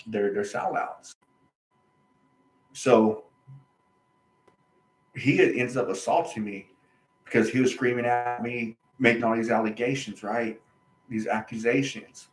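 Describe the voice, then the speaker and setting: A man's voice: medium pitch, roomy sound, poor audio. A man, host of his own channel, telling a personal story in a casual, emphatic monologue. He repeats himself and uses colloquial slang.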